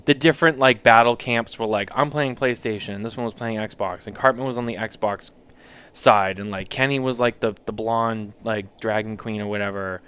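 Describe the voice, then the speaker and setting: A man's voice: lowish voice, steady tone, moderate pace, a bit bright, clear, resonant tone. An American man co-hosting a podcast, teasing his co-hosts in rambling casual banter and laughing often. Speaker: podcast co-host.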